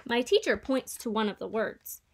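A woman reading a children's picture book aloud in a steady, clear storytelling way. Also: on the high side, normal speed. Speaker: reader.

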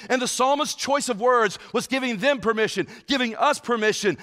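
A man preaching with a high, bright, forceful voice. He sways between quiet, hushed stretches and loud, passionate bursts. His voice rings with long reverb in a church hall. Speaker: pastor. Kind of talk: sermon.

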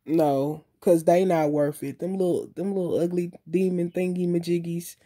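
A woman's voice: lowish voice, little pitch movement, dark tone. A woman vlogger talking casually to her camera in loose street slang, swearing often and repeating phrases for emphasis. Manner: repeats herself and pauses with fillers. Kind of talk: casual video monologue.

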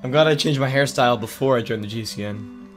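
A man's voice: medium pitch, fast talker, music in the background. A man with a strained voice co-hosting a let's play, joking around and breaking into song. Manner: goofy, bursts into song and loud yells. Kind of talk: casual gaming commentary.

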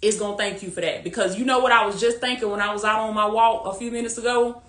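Bright-voiced woman rallying her livestream. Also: medium pitch, steady tone, fast talker, reverberant. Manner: repetitive, rallying, preachy and warm-hearted, laughs often. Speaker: faith-based life coach hosting a livestream. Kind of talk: casual livestream pep talk. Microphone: phone or webcam on a live stream.

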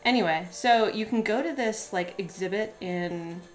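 A woman's voice: mid-range voice, moderate pace, soft background music. A woman chatting casually while demonstrating a craft on a live stream, giggly and full of "like" fillers.

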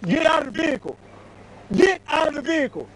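A male police officer shouting stern, repeated commands at a driver during an arrest, recorded outdoors on a body camera. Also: very high-pitched, very animated, brisk, poor audio. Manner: forceful, repetitive, stern. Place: outdoors on a street by a stopped car. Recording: body camera audio with background noise.

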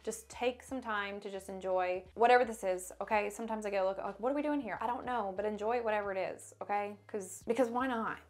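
A woman's voice: medium pitch, steady tone, brisk, hardly any pauses. A young woman, teaching haircutting in a casual, chatty tutorial with rambling asides and laughs.

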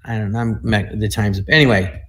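Male, 60s, from the US. Panel guest, animated storyteller who acts out the dialogue. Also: on the low side, brisk. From United States. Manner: animated, acts out other people's lines in the stories. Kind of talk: anecdotal storytelling.

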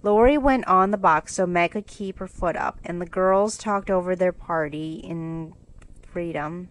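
A woman narrating a classic storybook in a steady, clear reading for English learners. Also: lowish voice, normal speed, rough recording.

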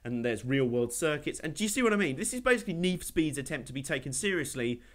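A man hosting a gaming channel, giving animated, jokey commentary over a racing game he is playing. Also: a little high, fast talker. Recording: game car noise under voice. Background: racing game engine noise.

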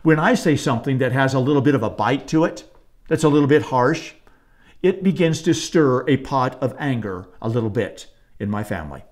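A man, a pastor, delivering a sermon in a calm, measured way, slowing and softening on key phrases. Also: mid-range voice.

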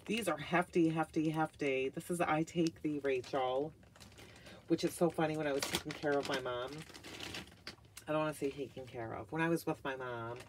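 A woman's voice: low-pitched, moderate pace, a little hiss or hum. A middle-aged woman chatting in a casual haul vlog, gushing and full of filler words, sometimes dropping to a whisper. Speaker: vlogger reviewing wax melts.

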